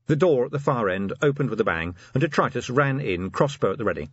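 A man's voice: mid-range voice, expressive, fairly quick, few pauses, breathy edge, no echo, lo-fi sound. A man narrating an audiobook expressively, giving each character a voice.

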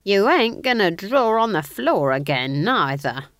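A woman voicing a cheerful, homely older witch with a folksy, drawn-out way of talking. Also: lowish voice, very animated, fairly bright tone, dry recording, clean studio sound, voice pushed up, heavily acted.

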